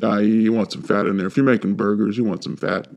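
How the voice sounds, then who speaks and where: A man's voice: fairly low pitch, steady tone, fast talker, gravelly, darkish tone. An actor playing a sleazy male butcher who sells human meat, with casual, rambling salesman patter. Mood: pushy. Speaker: shopkeeper.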